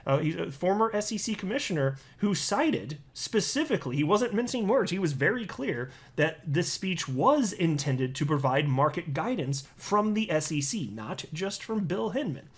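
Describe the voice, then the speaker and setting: A man talks through his crypto commentary in a blunt, scornful way, often restarting his sentences. His voice sits a little higher than most men's. He delivers it as a casual monologue. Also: very animated, moderate pace, hardly any pauses, slightly rough.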